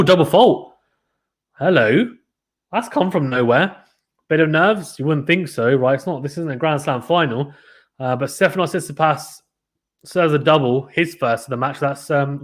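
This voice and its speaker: A man commentating a live tennis watchalong stream, chatting casually and reading out viewer comments between points. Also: fairly high pitch.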